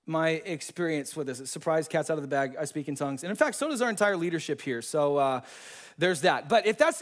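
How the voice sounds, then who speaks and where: Guy preaching a sermon, pretty high voice, laid back slangy talk, gets real animated telling stories. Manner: casual, slangy, animated storytelling. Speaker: pastor. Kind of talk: sermon with personal testimony.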